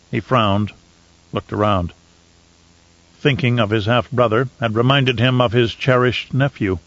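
A man narrating an audiobook in a steady storytelling voice. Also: mid-range voice, a little slow, dry recording, lo-fi sound. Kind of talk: scripted narration.

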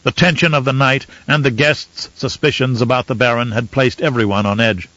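A man narrating a novel in a measured storytelling manner. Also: mid-range voice, steady tone, a bit bright, no room sound. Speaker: audiobook narrator. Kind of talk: scripted audiobook narration. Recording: slightly muffled dry recording.

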